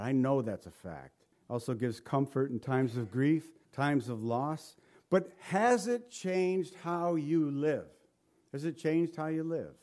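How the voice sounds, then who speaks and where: A man preaching an Easter sermon, asking the congregation questions and quoting scripture. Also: on the high side. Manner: animated, rhetorical questions to the congregation; quotes scripture in old-style wording. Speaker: pastor.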